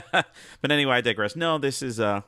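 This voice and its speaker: A man's voice: mid-range voice, animated, moderate pace, bright, forceful tone, no echo, studio quality. A man giving a casual, upbeat music trivia segment as a guest, chatty and prone to digressions.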